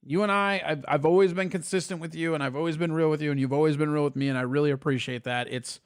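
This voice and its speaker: A man's voice: a little high, fairly even intonation, quick pace, clear, resonant tone. A man hosting a casual live stream, talking loosely and swearing as he reads and answers chat messages.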